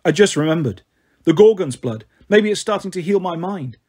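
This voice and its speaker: Man as wry teen boy demigod, flippant, husky. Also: high-pitched, expressive, normal speed, darkish tone.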